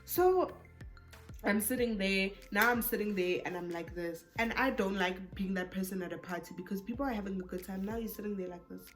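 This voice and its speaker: A young South African woman telling a storytime vlog, animated and code-switching, who rises into exasperated bursts. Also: medium pitch, a little fast, faint music behind. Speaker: YouTuber.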